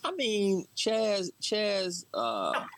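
A man co-hosting a casual sports talk show, animated and agreeable, with frequent quick affirmations. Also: high voice, vocal fry. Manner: animated, agreeable, backchannels often.

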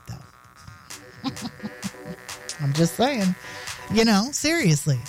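A woman's voice: on the low side, a little mellow. A woman hosting a radio show, telling a story in a playful, mocking way and laughing at her own jokes. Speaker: radio host. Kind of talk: casual radio chat.

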